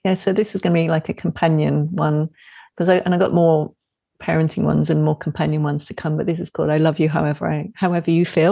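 A woman author in a podcast conversation, talking warmly and enthusiastically, often laughing and acting out inner voices. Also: deep voice, quick pace, vocal fry, dry recording, clean studio sound. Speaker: author and parenting instructor.

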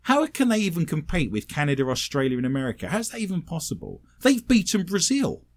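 A man's voice: fairly high pitch, wildly swooping pitch, quick pace. A man co-hosting a comedic podcast, reading listener messages in a wry, teasing way and laughing often. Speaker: podcast co-host.

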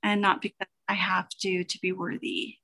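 A woman guest in a casual interview conversation, speaking in a halting, reflective way and warmly affirming her host. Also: mid-range voice, flat delivery, vocal fry, dry recording. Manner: halting and reflective, many fillers and restarts, warm affirmations. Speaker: interview guest and business owner.

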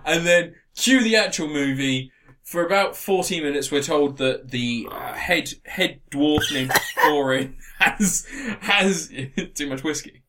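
Sweary animated man ranting. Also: fairly high pitch, a little slow. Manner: sweary, sarcastic, animated retelling with silly character voices. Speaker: podcast co-host reviewing a film. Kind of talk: casual chat.

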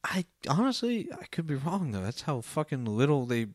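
A man's voice: a little high, big pitch swings, normal speed, no echo, studio quality. A young man co-hosting a podcast, rambling through a film review with lots of fillers and casual swearing. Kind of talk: casual profane chat.

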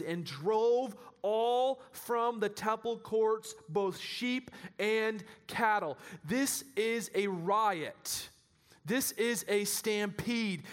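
A man with a notably high voice preaching in a church. He builds from explanation to full shouting at the peaks, repeating phrases and restarting sentences as he drives his points home. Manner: animated, building to shouting at climaxes, with self-interrupting restarts. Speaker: pastor. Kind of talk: sermon.

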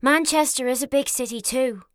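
A woman voicing a quiet, sensible young nurse who speaks earnestly and cautiously. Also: high-pitched, moderate pace, dry recording, clean studio sound, voice pushed up, lightly acted. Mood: worried.

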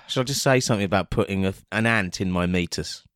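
A man's voice: low voice, normal speed, a bit bright, no room sound, studio quality. A man co-hosting a podcast, teasing his partner with mock-pompous crude banter. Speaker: podcast co-host.

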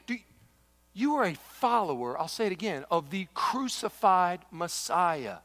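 A middle-aged man, a pastor preaching a sermon, telling a story with big swings from loud exclamations to hushed, intense asides. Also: sits high, big pitch swings, a little slow. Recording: echoey large hall.

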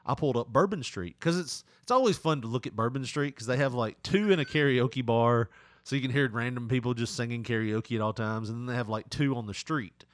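A man's voice: medium pitch, a little fast, no echo. Rambling man, dry sound. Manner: rambling, crude, laughs often. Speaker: podcast co-host. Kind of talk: casual chat.

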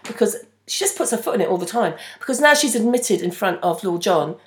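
A woman's voice: mid-range voice, expressive, a little fast, echoey room. A woman co-hosting a podcast, chatting casually and correcting details of a TV episode. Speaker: podcast co-host. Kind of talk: casual chat recapping a TV episode.

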